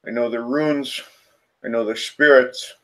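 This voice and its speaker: A man voicing a proud male spirit-warrior with a deep, throaty voice that has a roar to it, making grave proclamations. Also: fairly even intonation, unhurried, sharp tone. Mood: proud, warning.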